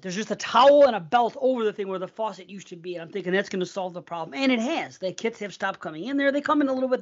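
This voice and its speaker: Man, middle-aged, podcast co-host, profane, rambling, casual, dull lo-fi sound. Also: high-pitched. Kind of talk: casual chat.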